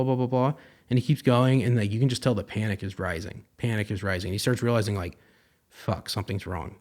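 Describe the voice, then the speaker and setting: Young male podcaster, lowish voice, rambling film recap, casual swearing. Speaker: podcast host. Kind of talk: casual film review monologue.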